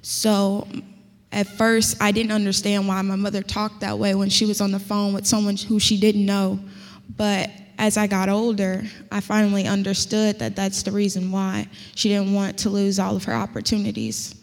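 Flat-toned young woman on a student panel. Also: medium pitch, normal speed. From Midwestern US. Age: young adult. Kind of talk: panel discussion. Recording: reverberant hall.

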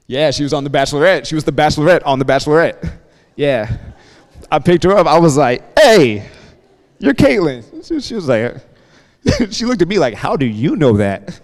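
Young man, casual motivational speaker, mid-pitched, big reverberant hall. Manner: casual, chatty storytelling with frequent "okay?" check-ins. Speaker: guest speaker. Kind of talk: motivational talk to student-athletes.

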